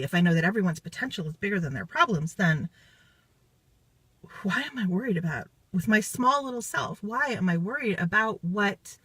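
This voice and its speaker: In an emotional live video testimonial after a retreat, a woman speaks intensely, swearing freely and close to tears. Her voice is lowish and a bit bright with a breathy edge, and there's no echo.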